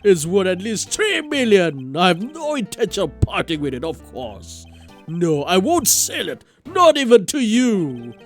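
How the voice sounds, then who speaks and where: A man's voice: high voice, wildly swooping pitch, measured pace, faint music behind, voice pushed up, full character voice. A man voicing a pompous, blustering older male lawyer from a video game, with a grandiose, theatrical delivery.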